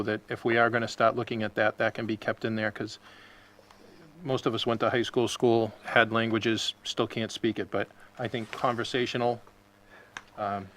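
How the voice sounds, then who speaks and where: Flat-toned male committee member. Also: on the low side. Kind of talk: asking questions at a public meeting.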